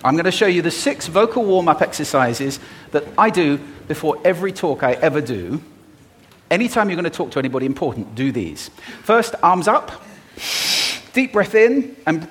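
A man giving a talk on stage to an audience, expressive and playful, demonstrating different ways of using the voice. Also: a little high. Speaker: public speaker.

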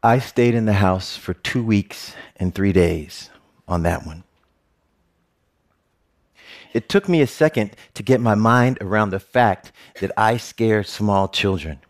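A middle-aged man giving an earnest personal storytelling talk, with joking asides. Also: on the low side.

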